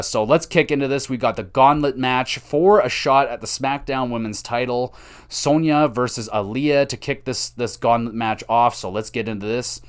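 A man's voice: medium pitch, clean tone. A man talks through a wrestling recap on his own podcast in a loose, chatty way. He swears freely, cheers on the wrestlers he likes and keeps the play-by-play casual.

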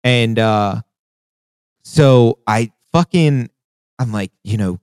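A man hosting a casual podcast, cursing often and reliving a hunting trip in a lively, laughing way. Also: medium pitch, slow pace, pauses often, dry recording. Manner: profane, animated retelling with acted quotes. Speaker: podcast host. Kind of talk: casual storytelling chat.

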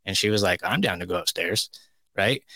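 A man's voice: low-pitched, brisk, bright, forceful tone, no room sound. A man co-hosting a casual chat podcast, telling stories in a blunt, profane way. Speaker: co-host.

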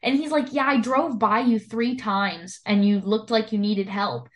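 Young woman, casual chat, animated anecdote, heavy filler words. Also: medium pitch, unhurried. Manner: animated storytelling, heavy use of "like", acts out quoted lines. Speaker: storyteller in a casual conversation.

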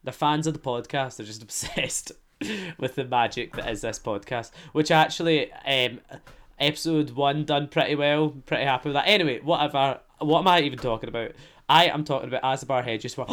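A man's voice: mid-range voice, a little fast, a bit bright. Gossipy Scottish man hosting a podcast. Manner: gossipy, self-mocking. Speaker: podcast host. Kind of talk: casual solo podcast chat.

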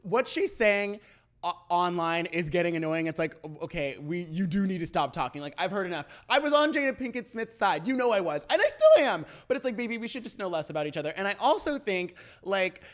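A young man co-hosting a pop culture podcast, telling stories fast and playfully. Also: high voice. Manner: fast, animated storytelling, playful. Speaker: podcast co-host. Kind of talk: casual pop culture chat.

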